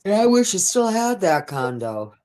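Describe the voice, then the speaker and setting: A man's voice: sits high, very animated, moderate pace, darkish tone. A man in casual chat who teases and laughs along as he listens.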